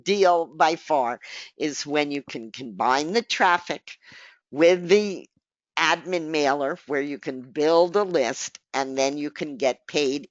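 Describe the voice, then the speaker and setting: A woman's voice: low voice, takes it slowly, dry recording. Emphatic woman presenting a webinar, losing her voice. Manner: emphatic, repeats key points, addresses listeners directly. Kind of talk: live online marketing webinar. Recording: dull, dry lo-fi recording.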